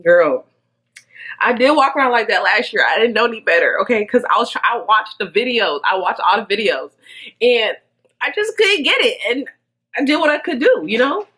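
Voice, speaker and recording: A woman's voice: a little high, animated, a little fast, pushed and bright, breathy edge. A young woman chatting casually to camera in a vlog, rambling and laughing often. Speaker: beauty vlogger.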